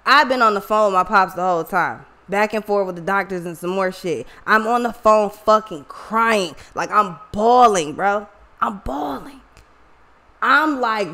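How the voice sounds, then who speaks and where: Female vlogger, casual storytelling, raw and profane, slightly high voice. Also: fairly bright tone. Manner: profane, emotional, slangy, talks to viewers directly. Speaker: online reader and vlogger.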